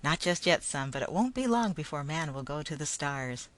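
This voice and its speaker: A woman's voice: low-pitched, expressive, normal speed. A woman reading a story, voicing a patient, kindly father explaining things to his son.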